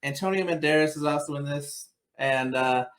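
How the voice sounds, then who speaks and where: A man with a slightly high voice co-hosting a casual film chat. He is blunt and opinionated and hedges with frequent ums and likes. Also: moderate pace, a bit bright. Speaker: podcast co-host.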